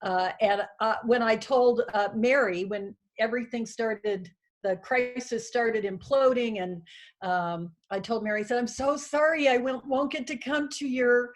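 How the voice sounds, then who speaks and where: A woman in her sixties gives a heartfelt, halting union speech over a video call from her small house, emotional and full of fillers. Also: on the high side, steady tone. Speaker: union president addressing a convention.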